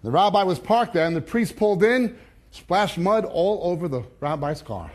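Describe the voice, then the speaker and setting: A man's voice: very high-pitched, animated, brisk. A man teaching a sermon who tells jokes before reading from Scripture. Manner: joke-telling, then scripture reading. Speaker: Bible teacher.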